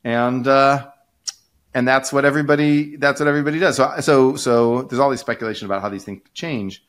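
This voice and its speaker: A man's voice: medium pitch, a little fast, fairly bright tone. A man hosting a podcast, explaining economics in a casual, rambling way, full of fillers and restarts.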